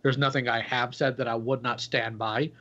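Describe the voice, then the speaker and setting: A man's voice: mid-range voice, little pitch movement, moderate pace, bright, forceful tone. A man on a podcast call, speaking plainly, firmly and with self-assurance. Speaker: podcast guest. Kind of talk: casual chat. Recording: dull lo-fi call audio.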